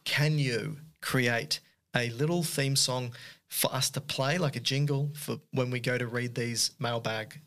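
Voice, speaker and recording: This is a man chatting casually on a podcast. He teases his co-host and breaks off mid-email with quick jokey asides. His pitch sits in the ordinary middle range. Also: fairly even intonation, a bit bright. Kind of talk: casual chat, reading listener emails aloud.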